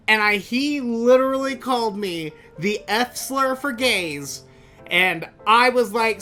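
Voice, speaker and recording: A man hosting a podcast, telling a story in an animated, exasperated way and swearing freely. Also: extremely high pitch, unhurried, faint music behind. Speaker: podcast host. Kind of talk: casual storytelling monologue.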